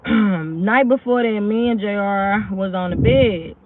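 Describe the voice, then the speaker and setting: A woman's voice: medium pitch, takes it slowly, slight background noise. A woman casually telling a true story, rambling and often checking in with her listeners. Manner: rambling, keeps asking "you know what I'm saying". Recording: tinny phone-like audio.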